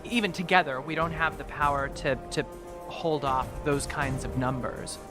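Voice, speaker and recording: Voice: mid-range voice, normal speed, music in the background. A player in a tabletop game, speaking in a dry, matter-of-fact way. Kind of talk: casual tabletop play.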